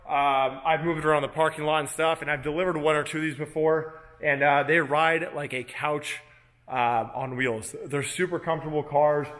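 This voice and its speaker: A man with a fairly high voice walks through his large car workshop, chatting casually about the cars in his shop. He speaks in a relaxed way with frequent filler sounds. The big space gives his voice a long, hanging reverb. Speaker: car protection shop owner giving a tour. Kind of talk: casual walk-through vlog.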